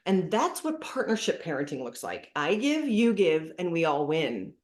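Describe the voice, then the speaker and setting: A middle-aged woman giving parenting advice as a podcast guest, lively and acting out what to say to kids. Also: on the low side, normal speed. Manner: animated, acts out dialogue with kids as examples. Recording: roomy echoey room.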